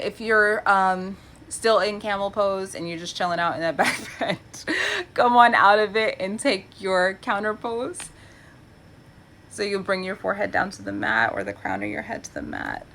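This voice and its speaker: A young woman teaching a yoga class from home, giving gentle cues with chatty, encouraging asides. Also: medium pitch, gravelly, a little hiss or hum, poor audio. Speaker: yoga instructor. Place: home practice space.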